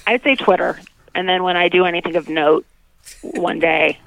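A woman's voice: lowish voice, moderate pace, gravelly, low-quality recording. A woman author guesting on a comedy podcast, giggly and self-deprecating in casual chat.

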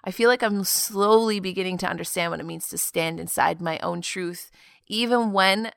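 A woman in her twenties hosts a reflective solo podcast, speaking earnestly and confidingly with an occasional soft laugh. Her low-leaning voice is creaky yet smooth at normal speed, in a dry, studio-quality recording.

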